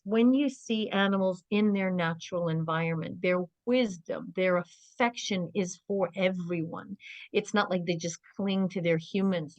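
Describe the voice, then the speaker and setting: A middle-aged woman, a guest on an interview podcast, telling stories in an earnest, animated way and often saying "you know". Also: lowish voice, no echo, rough recording.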